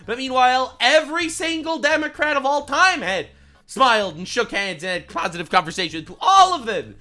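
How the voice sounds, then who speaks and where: A young man hosting a profane, animated reaction commentary vlog, ranting as he talks. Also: extremely high pitch, moderate pace. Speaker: online commentator.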